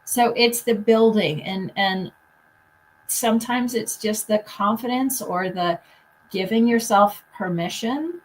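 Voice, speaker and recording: A woman's voice: mid-range voice, takes it slowly, slight background noise, low-quality recording. A woman hosting a podcast, chatting in a playful, upbeat way about self-love. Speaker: podcast host. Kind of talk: casual conversational interview.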